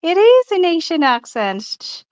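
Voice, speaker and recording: A woman with a Filipino accent, a guest chatting casually in a soft, unhurried way. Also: very high-pitched, sing-song, no echo, low-quality recording. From Philippines. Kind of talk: casual chat.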